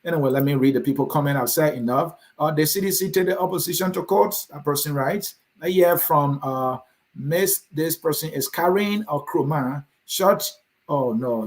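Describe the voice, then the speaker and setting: A man's voice: a little high, moderate pace. A man with a Liberian accent hosting a political talk show, reading viewer comments aloud and answering them with a combative, direct manner. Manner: combative, addresses commenters by name.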